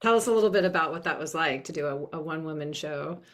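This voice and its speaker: A woman's voice: sits low, fast talker. A woman hosting a podcast interview, affirming her guest and asking friendly questions. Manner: warm, affirming, asks questions. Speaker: podcast host. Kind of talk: casual interview.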